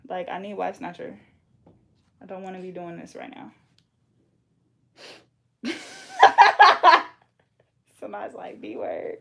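Young Bay woman, gravelly voice, playful braider chatting with viewers. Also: on the low side, steady tone, brisk, warm tone. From Bay Area, California. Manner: playful, chatty, laughs often. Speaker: hair braider and channel host. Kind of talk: casual chat with live viewers.

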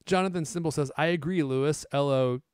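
A man hosting a casual tech podcast, chatty and relaxed as he talks. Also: on the high side, fairly quick, noisy background. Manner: casual and chatty, laughing now and then. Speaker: podcast host.

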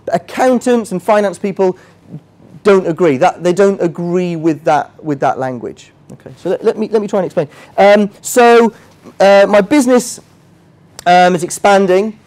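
With a voice that sits high and a darkish tone, a finance trainer speaks at a moderate pace to a live audience in a workshop room. He keeps things casual, quizzes people on whether they agree, and teases himself along the way.

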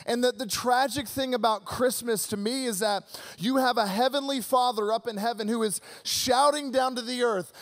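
A male pastor preaching a Christmas sermon in an energetic, conversational way, calling out to his audience. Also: very high-pitched, moderate pace.

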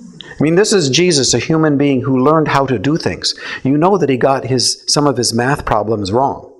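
A man's voice: medium pitch, big pitch swings, moderate pace. A man speaking to a live audience in a casual, conversational way, often checking in with listeners and acting out quoted lines. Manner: conversational, asks the audience questions, acts out quotes. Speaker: speaker teaching a theology session. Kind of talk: informal talk to a live audience.

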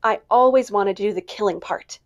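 A woman voicing a bold, impulsive teenage girl who talks in a quick, dramatic way. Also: mid-range voice, highs cut off, close to an everyday voice. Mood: musing.

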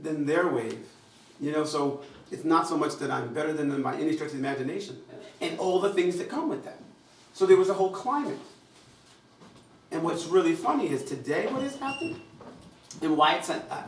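An American man delivers a public address in a slightly high voice. He is animated and acts out the voices of people he quotes. The recording is roomy and echoey, picked up from well away from the mic. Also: slight background noise. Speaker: invited speaker. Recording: echoey room, mic far off.

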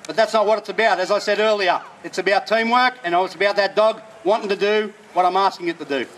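A man gives a live outdoor talk on training working dogs, speaking in a plain, practical way. His voice sits fairly high for a man. A faint hiss of outdoor noise runs under him. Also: fast, a bit bright. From Australia. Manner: explains plainly between short commands to dogs. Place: outdoors at a festival display.

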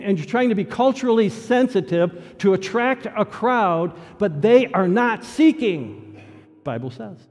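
Emphatic male preacher in a reverberant church. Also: sits high. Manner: emphatic, repeats key phrases, swings between loud and hushed. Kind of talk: sermon. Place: church sanctuary.

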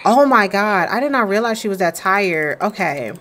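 A young woman talks her way through a life-simulation game, friendly and chatty, calling out to her viewers as she plays. Her pitch jumps around a lot, swooping up and down from line to line. She slips in and out of quick little voices for her characters. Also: animated, a bit bright, slight background noise. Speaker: gaming creator playing a life-simulation game. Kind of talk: casual let's-play commentary.

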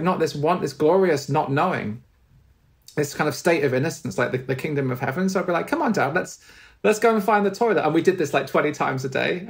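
Earnest halting man. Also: fairly high pitch, gravelly. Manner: halting, many restarts, tender and earnest. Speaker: spiritual teacher, podcast guest. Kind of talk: heartfelt conversational storytelling.

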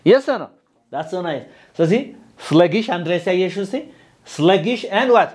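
A man's voice: sits high, lively intonation, racing, a little mellow, slightly rough. A man with an Ethiopian accent, a native Amharic speaker, teaching an English lesson and coaxing students to repeat words after him. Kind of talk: classroom English lesson, call and response.

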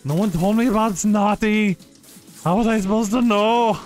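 A man giving casual live commentary while streaming a game, excitable and quick to laugh, swearing often and reacting loudly to surprises. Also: sits high, soft background music. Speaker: streamer playing a modded platform game.

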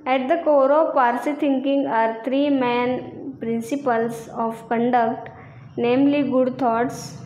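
A woman teacher slowly reading out textbook answers and repeating each one. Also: high-pitched, fairly even intonation, a little mellow, a little hiss or hum. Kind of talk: slow classroom lesson reading answers aloud. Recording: echoey room.

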